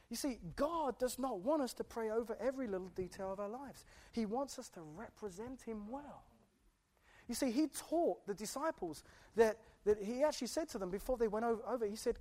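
A woman's voice: on the high side, normal speed, dark tone. A woman preaching a sermon, impassioned and emphatic, often stumbling into repeated restarts.

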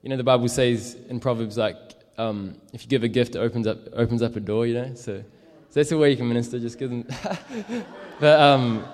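A man's voice: mid-range voice, fairly quick, hardly any pauses, a little mellow, big-room sound. A young man telling a casual, rambling story as a street evangelist, full of fillers. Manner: rambling, many fillers and likes.

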